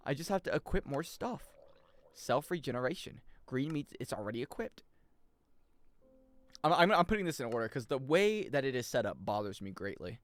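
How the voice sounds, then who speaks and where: A young man commentates his game stream in a casual, excitable way. His voice swings widely in pitch, from muttered menu readings to sudden loud, high shouts. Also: fairly quick, dry recording. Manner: excitable, jumps into loud high yelps and laughs; mutters menu options to himself.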